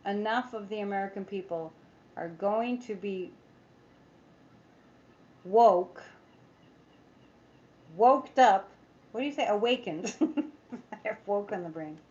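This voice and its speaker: A woman's voice: mid-range voice, normal speed, darkish tone, muffled recording. A woman psychic chatting casually on a livestream, rambling, reading viewer comments aloud and making sarcastic asides. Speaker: psychic tarot reader.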